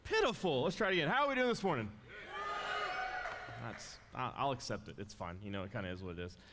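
A man's voice: medium pitch, huge pitch swings, quick pace, noisy background. A man preaching a sermon in a conversational, joking and emphatic way. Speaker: guest preacher. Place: church sanctuary. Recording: long reverb of a large church.

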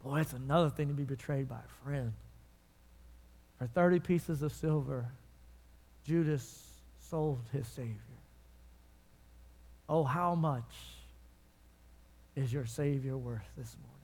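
A man preaching a sermon in a church, telling the story dramatically and dropping from loud to hushed. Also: mid-range voice, takes it slowly, long pauses. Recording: long reverb of a large hall.

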